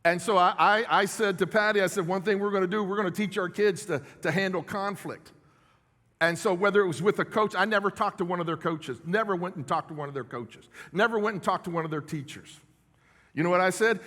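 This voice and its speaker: A man's voice: high-pitched, fairly quick, a bit bright. Man preaching in a reverberant church hall. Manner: conversational preaching with audience check-ins. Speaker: pastor. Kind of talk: sermon. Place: church sanctuary.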